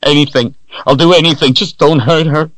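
A man's voice: on the high side, steady tone, a little fast, a bit bright, no room sound, voice pushed up, lightly acted. A man voicing a desperate young male hero who begs in a strained, tearful voice. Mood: pleading.

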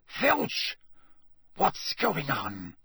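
A narrator putting on a cold, cutting schoolmaster who snaps his words short. The voice is slow, a little husky and sits close and dry. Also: a little high, wildly swooping pitch, sharp tone, no echo, full character voice. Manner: snapping, icy, clipped. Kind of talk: audiobook character voice.

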